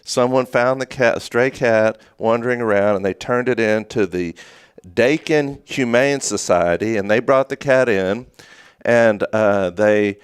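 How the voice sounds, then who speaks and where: A man's voice: mid-range voice, unhurried, clear, resonant tone, dry recording, clean studio sound. A man co-hosting a local morning show, telling a long story in a rambling, casual way with many restarts. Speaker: co-host. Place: small studio.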